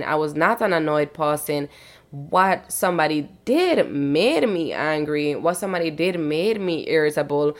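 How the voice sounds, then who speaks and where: Lower-voiced woman musing on her podcast. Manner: casual, conversational, often says "you know what I'm saying"; candid and self-reflective. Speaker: podcast host. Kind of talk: reflective personal monologue.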